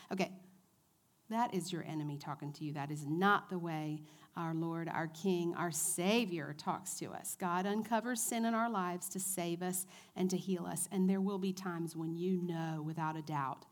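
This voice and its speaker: A woman in her forties giving a church teaching talk to a women's group, chatty and animated, asking her audience questions. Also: lowish voice, moderate pace. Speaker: women's ministry speaker.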